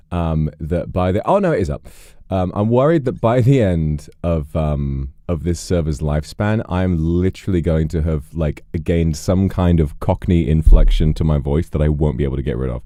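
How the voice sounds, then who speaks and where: A man's voice: very deep voice, mellow, no echo, clean studio sound. A man streaming, chatting casually with viewers, rambling with lots of fillers and restarts.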